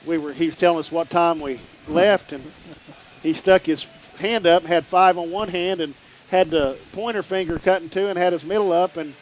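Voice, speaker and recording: A man's voice: a little high, steady tone, normal speed, low-quality recording. Easygoing man host reminiscing. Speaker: radio sports host. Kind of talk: casual chat. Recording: faint background noise.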